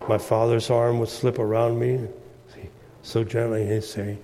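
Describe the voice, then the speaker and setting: A man delivers a sermon at an unhurried, deliberate pace, his voice dark and mellow. The sound carries a long reverb, as if he is in a large church hall. He leans into emphasis and swells into sung refrains. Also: medium pitch, flat delivery, a little hiss or hum. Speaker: preacher.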